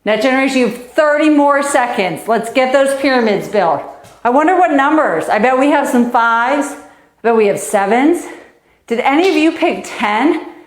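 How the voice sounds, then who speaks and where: A woman's voice: high-pitched, animated, moderate pace. A woman coaching kids through a live online tennis lesson, out of breath and encouraging them while she hits and counts. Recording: echoey room.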